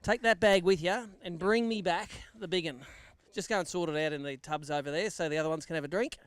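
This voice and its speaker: A man's voice: high voice, fast talker, smooth, no room sound. An Australian man acting as MC at an outdoor fishing weigh-in, giving live commentary and bantering with the anglers.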